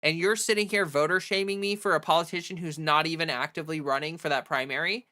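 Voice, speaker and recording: Low-voiced and fast, this livestream host talks with lots of energy as she goes off on rants and answers chat. Her speech is packed with fillers like "like" and frequent false starts.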